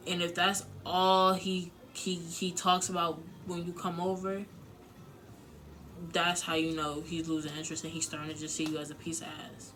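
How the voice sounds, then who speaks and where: Young woman venting relationship advice, candid and a bit sweary, pretty monotone, faint hiss behind. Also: deep voice, normal speed. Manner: candid, emotional, profane, heavy filler words. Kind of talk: casual advice talk to camera.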